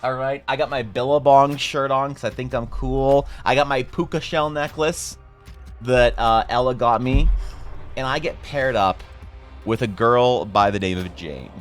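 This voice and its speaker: A man's voice: mid-range voice, unhurried. Rambling, self-mocking young man. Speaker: streamer and artist. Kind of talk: casual storytelling on a live stream. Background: faint music.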